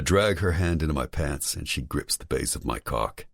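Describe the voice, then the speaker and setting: A man reads a first-person romance novel in a very deep voice. His delivery is intimate and expressive, rising and falling widely. The sound is close and dry with no room. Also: moderate pace, gravelly, few pauses, no echo. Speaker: audiobook narrator.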